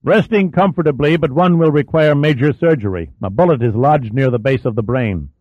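A man's voice: mid-range voice, fairly quick, voice pushed up, lightly acted. A composed male colony leader speaks steadily and plainly, as a man reads him aloud. The sound is thin and phone-like, with no room echo. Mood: calm. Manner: steady, matter-of-fact. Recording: dry, thin phone-like audio.

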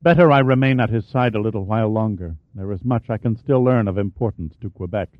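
A man's voice: on the low side, quick pace, no echo, natural voice. A man reading a teasing, seductive woman. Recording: dull, dry studio audiobook.

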